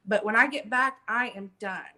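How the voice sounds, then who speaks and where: A woman's voice: on the high side, normal speed, bright, forceful tone. A middle-aged woman telling her story animatedly as an interview guest, with lots of ums and emphasis.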